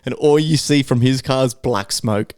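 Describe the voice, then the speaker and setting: A man's voice: mid-range voice, moderate pace, a little mellow, a little hiss or hum. A man with an Australian accent, casually telling a long, profane story on a podcast and acting out what people said. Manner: profane, rambling anecdote full of acted-out quotes. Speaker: podcast co-host.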